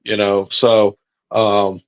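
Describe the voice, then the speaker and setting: A man's voice: on the low side, little pitch movement, very slow, gravelly. Lo-fi sounding man, indignant podcast co-host. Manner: indignant, profane, repetitive. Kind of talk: live sports podcast chat.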